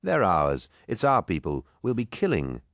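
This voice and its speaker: A man's voice: deep voice, wildly swooping pitch, unhurried, fairly bright tone, no room sound, clean studio sound, voice pushed up, full character voice. A man voicing an earnest, troubled young male space warrior captain in an audiobook. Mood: urgent. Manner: earnest, pleading.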